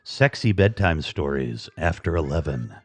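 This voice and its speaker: A man's voice: extremely low pitch, very animated, a little slow, no room sound. Rambling flirty American man. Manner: playful, flirty, rambling with many fillers. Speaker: livestream host. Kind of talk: casual livestream chat.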